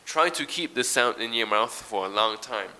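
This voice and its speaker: A man's voice: medium pitch, animated, normal speed, pushed and bright, a little hiss or hum. A man teaching English pronunciation, explaining patiently, modelling sounds and reading a short text aloud. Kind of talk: recorded pronunciation lesson.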